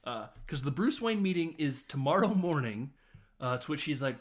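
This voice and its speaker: A man hosts a podcast and recaps a film scene by scene. His voice sits a little high, and he laughs often and slips into the characters' lines. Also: lively intonation, normal speed. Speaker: podcast host. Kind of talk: casual film recap with acted quotes.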